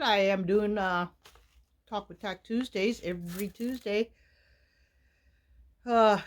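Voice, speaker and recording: A woman, vlogging in a casual, rambling way with many fillers from a small wooden shack in the winter woods. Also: mid-range voice. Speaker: outdoor vlogger. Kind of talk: casual chat to camera.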